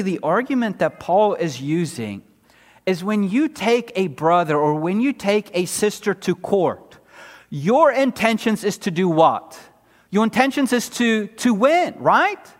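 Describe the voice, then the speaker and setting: A man preaching a sermon verse by verse, swinging from loud emphasis down to low, quiet drops, with sarcastic rhetorical questions. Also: big-room sound. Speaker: pastor.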